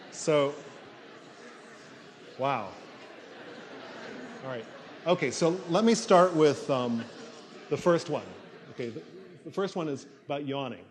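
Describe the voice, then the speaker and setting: A man's voice: medium pitch, slight background noise. A man, a neuroscience professor, answering audience questions at a university assembly in a conversational way, thinking aloud with frequent fillers. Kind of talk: lecture Q&A answers.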